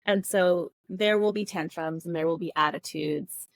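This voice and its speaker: Her pitch fairly low and her pace normal, this woman in her thirties chats as a podcast guest with no echo around her. She's frank and plainspoken, voicing her kids' words as dialogue while she talks casually.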